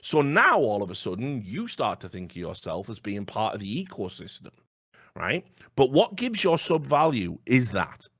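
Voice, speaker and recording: A man's voice: medium pitch, huge pitch swings, normal speed, few pauses, a bit bright, dry recording, clean studio sound. A man in casual chat, blunt and sweary, telling stories with animation.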